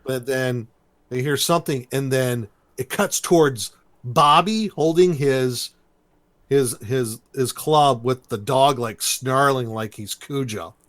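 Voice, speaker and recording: A man talking through a cartoon episode on a podcast, rambling and animated as he retells each scene. His voice sits at a middle pitch. The recording is close and dry, with no room sound. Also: slow, no room sound. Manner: rambling, animated storytelling with laughs. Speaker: podcast co-host. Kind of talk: casual chat recapping a cartoon episode.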